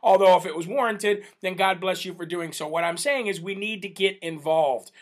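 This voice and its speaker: A man hosting a live stream, reading out viewer shout-outs in a chatty, casual way, laughing often and using many fillers. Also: high-pitched, moderate pace. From United States. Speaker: livestream host.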